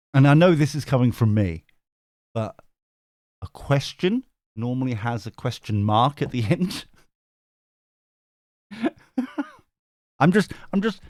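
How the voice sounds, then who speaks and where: Male stream host, casual and chatty, bouncy pitch, dry close sound, laughs and swears freely. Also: dry recording. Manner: chatty, laughs often, swears, reads chat aloud. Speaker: tarot reader and stream host. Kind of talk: casual live-stream chat.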